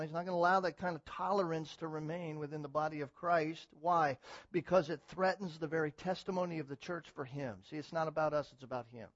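Male pastor, higher-pitched voice, emphatic sermon delivery that builds from calm to forceful, dry slightly dull recording. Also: dry recording. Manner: swings from quiet teaching to loud emphatic exhortation; repetitive, emphatic preaching.

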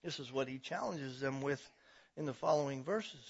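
A man preaching a sermon as pastor, emphatic, building to loud passionate stretches. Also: medium pitch, moderate pace, vocal fry, husky, muffled recording.

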